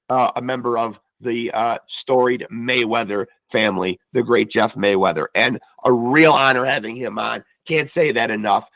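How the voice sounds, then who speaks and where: A man's voice: medium pitch, fairly bright tone, no echo, rough recording. A man hosting a boxing podcast, talking in an effusive, rambling way and losing his voice. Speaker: podcast host. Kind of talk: casual interview sign-off and promo. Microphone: video call setup.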